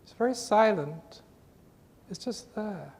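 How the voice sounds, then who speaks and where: Gravelly man giving a spiritual talk. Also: expressive, slow, darkish tone. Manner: earnest, repetitive, emphatic phrasing. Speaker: spiritual teacher. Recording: reverberant hall, faint rumble.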